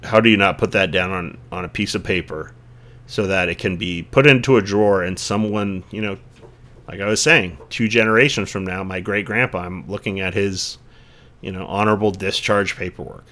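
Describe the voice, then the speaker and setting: A man hosts a laid-back podcast conversation in a low-pitched voice. His tone carries a forceful, tense brightness. He talks earnestly and reflectively, stretching his thoughts into long, searching sentences. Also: steady tone, normal speed. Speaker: podcast host.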